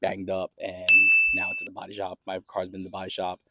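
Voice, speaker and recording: A young man, a car vlogger, tells a casual story-time vlog while filming himself outdoors, walking around his yard. His low voice is monotone and fast, and his rambling delivery is laid-back. Heavy background noise runs under the clip.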